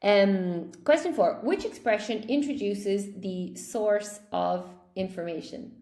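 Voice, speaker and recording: A woman's voice: medium pitch, slow, dark tone, roomy sound. A woman teaching a live online English class, cheerfully praising students by name as she goes through quiz answers.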